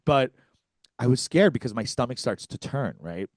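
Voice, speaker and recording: A man's voice: medium pitch, moderate pace, no echo, studio quality. A man co-hosting a comedy podcast, telling a story with lots of swearing and acted-out quotes. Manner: animated, profane, acts out quotes.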